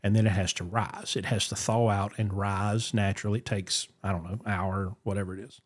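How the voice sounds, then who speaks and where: A man's voice: on the low side, brisk. A man, hosting a podcast and telling a story in casual chat, acting out the voices he quotes. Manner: animated, acts out quoted voices. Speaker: podcast host.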